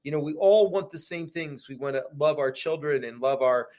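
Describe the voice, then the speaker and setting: Earnest man with a higher voice. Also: moderate pace, darkish tone. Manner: earnest, repeats phrases, ends thoughts with "man". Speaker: guest actor. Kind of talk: casual podcast interview.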